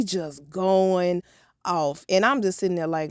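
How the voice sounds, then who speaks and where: A woman vlogger telling a story from her own life in an animated, profane, blunt way. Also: on the low side, unhurried, smooth, no echo, studio quality. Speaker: motivational vlogger. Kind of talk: storytime vlog.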